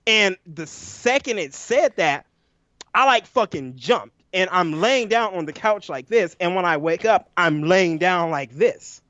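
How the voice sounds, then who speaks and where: A man co-hosting a podcast, telling a nightmare story in an animated, profane way and acting out his own lines. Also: high-pitched, unhurried, dry recording. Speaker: podcast co-host. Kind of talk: casual storytelling chat. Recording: dull lo-fi audio, dry.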